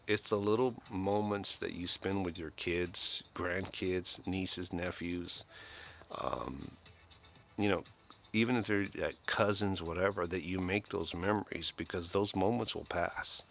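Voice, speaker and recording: A man's voice: low-pitched, measured pace, gravelly, fairly bright tone. An older man casually chatting to his viewers, rambling and heartfelt with lots of fillers and restarts. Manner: emotional, kind-hearted. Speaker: live streamer.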